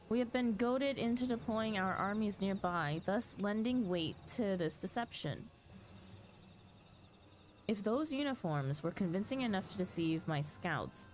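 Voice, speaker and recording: A woman voicing an earnest young male strategist who lays out plans in a measured, urgent way. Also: mid-range voice, pitched above the performer's own voice, natural voice. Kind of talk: reading game dialogue aloud.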